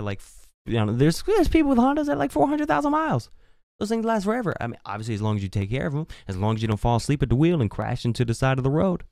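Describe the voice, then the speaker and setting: A young man tells a casual podcast story with a lively, swinging voice that leaps up for emphasis. He swears freely and rambles along. The sound is dry and close on the mic. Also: clean tone, no echo. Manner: animated, swearing, swinging pitch. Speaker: podcast host. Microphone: podcast microphone.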